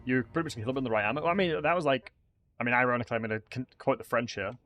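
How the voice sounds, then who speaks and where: Guy streaming a game, mid-pitched, rambly chat to viewers, faint music underneath. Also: racing, a bit bright. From England. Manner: rambling, chatty, many fillers and restarts, reacting to chat. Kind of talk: casual gameplay commentary.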